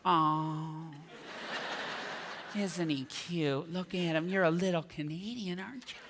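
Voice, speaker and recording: A man's voice: on the high side, slow pace, in a large hall, background noise, pitched below the performer's own voice. A man doing a cooing, condescending American lady. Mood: patronizing. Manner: cooing, patronizing. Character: gushing condescending American woman.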